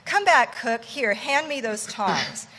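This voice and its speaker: A woman's voice: a little high, lively intonation, takes it slowly, in a large hall, exaggerated voice. A woman doing a brash, bossy ship's mate. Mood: bossy teasing. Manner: loud, teasing, commanding.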